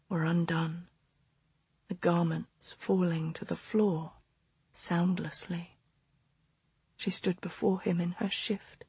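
A woman reading a book aloud as a narrator, in a hushed delivery that often drops into whispers. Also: medium pitch, vocal fry, slightly rough, no echo. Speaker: audiobook narrator. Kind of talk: scripted narration.

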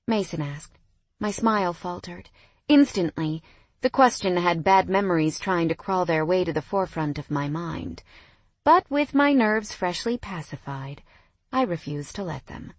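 A young adult woman narrating a first-person romance audiobook in an expressive, wry manner. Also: on the low side, measured pace, no room sound.

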